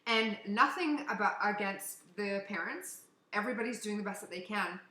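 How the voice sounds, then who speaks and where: A woman co-hosting a casual podcast from Canada, telling a story in an animated way, swearing and acting out what people said. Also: medium pitch, normal speed. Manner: animated, swearing, acts out quotes. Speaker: podcast co-host. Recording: echoey room.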